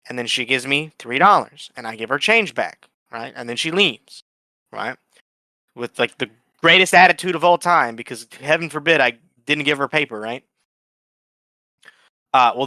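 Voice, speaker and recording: A man guesting on a podcast, telling a story in a blunt, profane, animated way and acting out the quotes. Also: normal speed, no echo. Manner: animated, acts out quotes with big pitch jumps. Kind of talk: casual storytelling.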